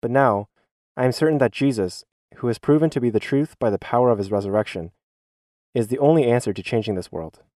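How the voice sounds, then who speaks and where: A man voicing a schoolteacher's church testimony as a dubbed voice-over, in an earnest, measured reading. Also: mid-range voice, dark tone, no room sound, clean studio sound.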